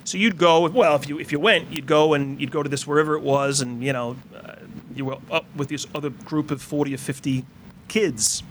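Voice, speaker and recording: Priest in his 50s, chatty sermon, bright tense voice, kinda high. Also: a little fast, a little hiss or hum. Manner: casual, conversational storytelling with fillers. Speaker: Catholic priest.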